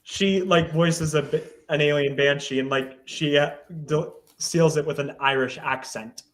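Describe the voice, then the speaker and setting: A man's voice: a little high, fairly even intonation, unhurried. A man chatting casually as a guest on a podcast, rambling and searching aloud for names. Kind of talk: casual chat.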